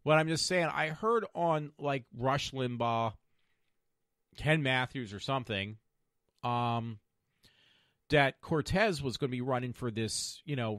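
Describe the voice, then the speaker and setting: A man's voice: mid-range voice, fairly bright tone, no echo. A man in the middle of his range talks through a solo podcast, opinionated and rambling, stopping often to correct himself. His voice sits close to the mic in a dry, dead room. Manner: rambling, opinionated, self-correcting with many fillers. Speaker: podcast host.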